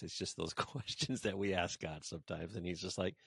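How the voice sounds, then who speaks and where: A man's voice: deep voice, steady tone, fairly quick, creaky, hardly any pauses, bright, forceful tone, husky, no echo, clean studio sound. A man hosting a casual podcast, talking in a rambling way with lots of "you know" fillers. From United States. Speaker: podcast host. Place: rural village.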